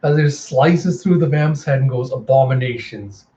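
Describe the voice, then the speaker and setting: A mellow-voiced man walks through a comic book aloud, retelling the story in an animated way. He fills his speech with lots of casual filler words, and the home recording sounds a little dull. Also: fairly high pitch, normal speed. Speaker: comic reviewer.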